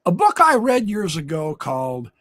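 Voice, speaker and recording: A middle-aged man hosting a livestream, telling stories in an animated, upbeat way that swings between booming and hushed. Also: normal speed, no echo. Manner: upbeat, self-described extrovert. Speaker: livestream host. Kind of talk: casual monologue.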